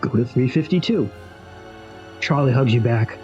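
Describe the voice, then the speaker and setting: A man hosting a show in which he plays a solo tabletop horror adventure, reading it aloud with animated asides and casual swearing. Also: medium pitch, normal speed, lo-fi sound, faint music behind. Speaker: host playing a solo tabletop game.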